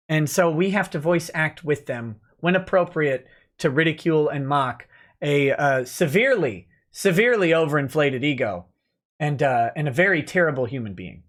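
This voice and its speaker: A man's voice: a little high, fairly bright tone. A man hosting a casual livestream, reading and commenting in a sardonic, mocking, chatty way with many fillers. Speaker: lawyer and livestream host.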